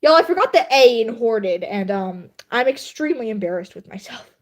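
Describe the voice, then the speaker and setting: A young woman with a fairly high, expressive voice talks briskly on a livestream. She's a writer editing her work, chatting casually and laughing at herself often.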